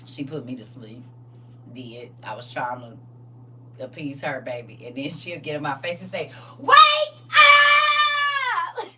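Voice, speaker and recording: An older woman hosting a casual live stream from home. She tells animated stories, laughs often and reads viewer comments aloud. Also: very deep voice, moderate pace, far from the mic, very noisy. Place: at home, indoors.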